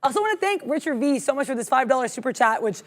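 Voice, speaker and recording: A bubbly woman rattles off live market commentary at a quick clip, her voice pitched high. She co-hosts a trading stream from the studio, joking with chat and hunting for puns. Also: big pitch swings. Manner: bubbly, talks fast, loves puns. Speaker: co-host of a live trading show. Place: studio with green screen.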